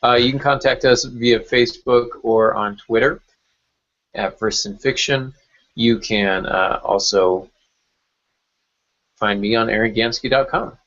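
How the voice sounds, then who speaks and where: A man's voice: medium pitch, unhurried, long pauses, fairly bright tone. A man who writes novels, co-hosting a casual podcast chat, hesitant with many fillers and restarts, over muffled call audio.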